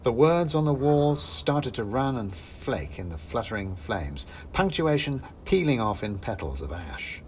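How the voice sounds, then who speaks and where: A man's voice: mid-range voice, big pitch swings, a little slow, few pauses, a little mellow, slight background noise. A man narrating a fantasy story in the first person with wry, dry humor. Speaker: narrator and author-reader.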